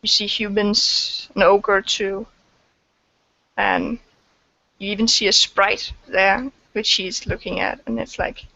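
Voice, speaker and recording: A woman's voice: mid-range voice, little pitch movement, takes it slowly, vocal fry, pushed and bright, dry recording, highs cut off. A woman narrating a tabletop game as game master, hesitant and full of fillers. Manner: hesitant, many fillers and restarts.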